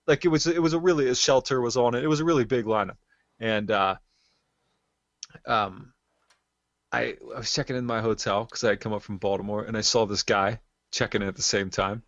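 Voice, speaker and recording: Low-voiced man in his thirties, rambling. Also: fairly even intonation, a little fast, a bit bright, no echo. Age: 30s. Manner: rambling storyteller, lots of fillers. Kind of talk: casual chat. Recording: dull lo-fi sound.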